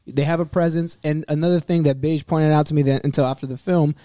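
Animated man with a mellow, dry voice. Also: a little high, fast, no echo. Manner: animated, swearing, acts out scenes. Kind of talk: casual movie review chat.

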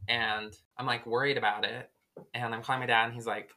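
This podcast co-host speaks briskly in a mid-range voice. He rambles through a story in casual chat, retelling it animatedly and packing it with filler words.

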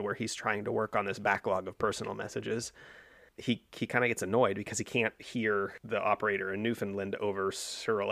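A man's voice: lowish voice, vocal fry, fairly bright tone, dry recording, clean studio sound. A man co-hosting a casual history podcast, explaining at length and thinking aloud with fillers and restarts. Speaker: podcast co-host.

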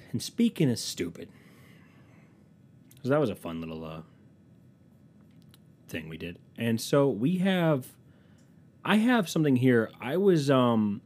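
As a podcast host, a man tells comic stories in a casual rant that is profane, sarcastic and self-mocking. His voice is mid-range with a darkish tone.

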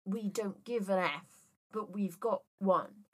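A woman's voice: mid-range voice, slow, husky. A woman co-hosting a casual podcast chat, telling jokey stories with plenty of swearing. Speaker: podcast co-host.

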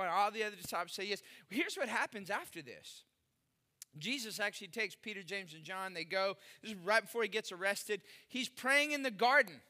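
A middle-aged male pastor preaching a sermon, animated and acting out the voices of the people in the story he reads. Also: extremely high pitch, normal speed.

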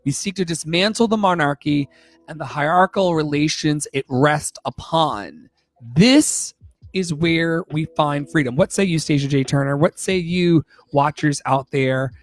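Animated, profane man on a dry mic. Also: on the high side, unhurried, no echo. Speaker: podcast co-host. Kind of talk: casual podcast chat, reading quotes aloud.

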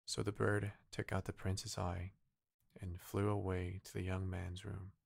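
A man with a Korean first language reads a fairy tale aloud at a slow, soft, unhurried bedtime pace. His voice sits a little low and carries a gravelly fry. The sound is dry and close. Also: level tone, no room sound. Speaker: narrator. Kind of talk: calm bedtime story reading.

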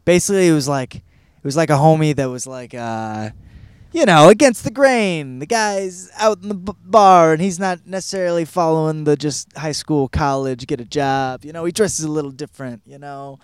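A man's voice: on the high side, moderate pace, clean tone, no room sound. Male podcast host, 30s, from Michigan; loose, profane, self-deprecating delivery, dry booth sound. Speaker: podcast host reviewing a book. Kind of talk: casual profane monologue. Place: California.

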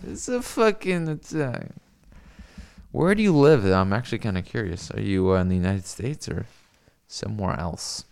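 A man's voice: medium pitch, unhurried, gravelly, a little mellow, smooth. A young man from the US West Coast, chatting casually and profanely with his stream viewers, rambling with lots of fillers.

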